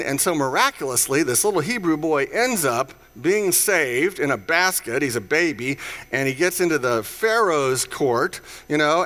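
Male pastor, slightly high, bright voice; chatty sermon storyteller who acts out quotes. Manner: conversational storytelling with playful voiced asides. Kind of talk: casual sermon.

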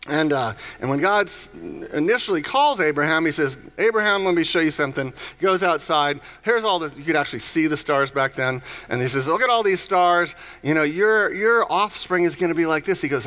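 Bright-voiced male pastor, casual storytelling. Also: on the high side. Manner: conversational storytelling with playful voiced asides. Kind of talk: casual sermon.

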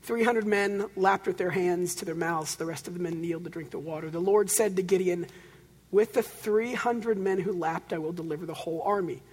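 High-voiced preacher, animated, in a hall. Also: male voice, brisk, husky. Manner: animated storytelling, swings from loud to hushed. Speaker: pastor. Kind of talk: sermon. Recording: long reverb of a large hall.

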